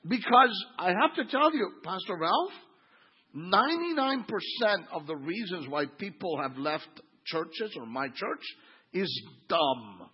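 Man in his fifties, pastor, sermon, husky, animated, quiet asides to loud exclaiming, dull lo-fi recording. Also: high voice, a little slow. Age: 50s.

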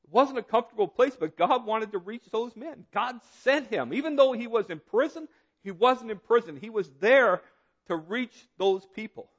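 A male pastor preaching a sermon, telling a story with repeated emphatic phrases that drop low and quiet for drama. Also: expressive, moderate pace, muffled recording.

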